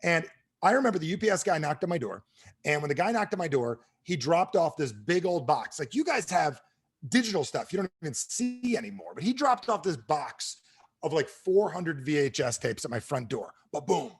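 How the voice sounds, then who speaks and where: A middle-aged man giving a motivational sales talk to an audience, telling stories quickly and with animation. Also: a little high, breathy edge. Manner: fast-talking, animated storyteller. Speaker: sales trainer and speaker.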